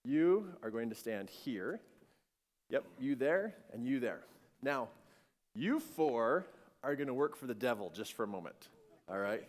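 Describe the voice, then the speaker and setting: A man giving an animated storytelling sermon to a live audience and acting out the voices in his story. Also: medium pitch, unhurried. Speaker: speaker. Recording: long-reverb hall.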